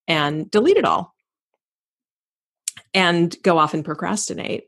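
Woman podcast host, lowish voice, animated, laughs often, self-deprecating. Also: slow pace, gravelly. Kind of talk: conversational interview.

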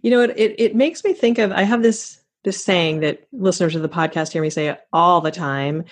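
A woman hosting a podcast, speaking in a thoughtful, affirming and measured way. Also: on the low side. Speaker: podcast host. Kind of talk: reflective interview chat.

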